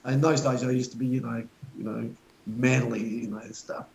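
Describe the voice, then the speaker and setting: A man's voice: mid-range voice, steady tone, normal speed, creaky, darkish tone, rough recording. Chatty Australian man in his fifties. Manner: rambling anecdotal storyteller, chuckling. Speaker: guest. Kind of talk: casual chat.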